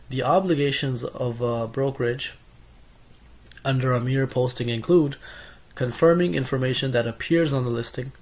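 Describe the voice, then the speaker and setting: A young man reading through course notes as a casual spoken summary, reading lists steadily with small self-corrections and asides. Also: mid-range voice.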